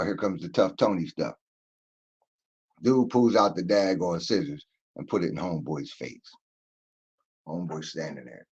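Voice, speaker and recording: A man's voice: low-pitched, unhurried, pauses often, a little mellow, breathy edge, lo-fi sound. A man hosting a livestream, ranting emphatically with swearing and speaking straight to his viewers. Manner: emphatic, profane, addresses viewers directly. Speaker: livestream host. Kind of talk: casual commentary rant.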